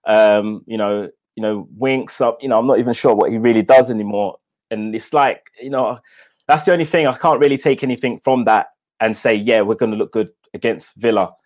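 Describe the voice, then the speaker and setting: A man's voice: on the low side, fairly quick, a little mellow. A man speaking as a podcast guest, hesitant, with many fillers. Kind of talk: casual podcast chat.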